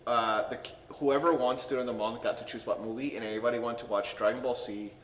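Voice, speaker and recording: A man who is a guest on a podcast, telling a school story in a relaxed, rambling way. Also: medium pitch, quick pace, echoey room, big-room sound, far from the mic, background noise. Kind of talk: casual storytelling.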